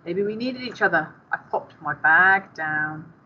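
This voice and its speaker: A woman's voice: fairly low pitch, lively intonation, measured pace, slightly rough, dull audio. A woman teacher reading a novel aloud to her class and stopping now and then to speak to the pupils.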